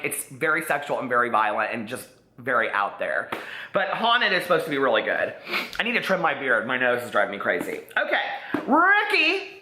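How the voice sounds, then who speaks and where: A man's voice: fairly high pitch, pushed and bright. A man rambling chattily to his viewers, talking about books to the camera. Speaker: book vlogger. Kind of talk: chatty book talk to camera. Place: room at home among stacked books. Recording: roomy echo.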